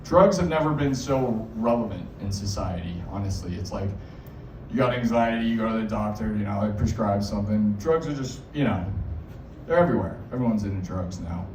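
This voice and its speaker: A man's voice: lowish voice, expressive, brisk, darkish tone, slight background noise. A young man from Massachusetts doing a stand-up set in a small bar, crude and rambling, with many fillers. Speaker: stand-up comic. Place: small bar comedy stage. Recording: echoey bar from a distant mic.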